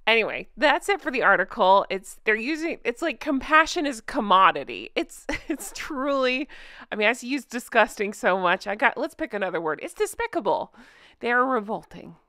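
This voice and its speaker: A woman's voice: on the high side, lively intonation, moderate pace, bright, forceful tone, no room sound, clean studio sound. A woman hosting a commentary vlog, sarcastic and scornful, laughing often. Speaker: royal commentary channel host.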